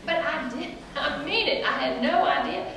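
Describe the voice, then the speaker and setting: With a high voice at normal speed, a Southern US woman in her forties entertains a live audience as an author telling stories. She's chatty and animated, laughs often and says "y'all" to the crowd. The sound is noisy and echoey, recorded from a distant mic.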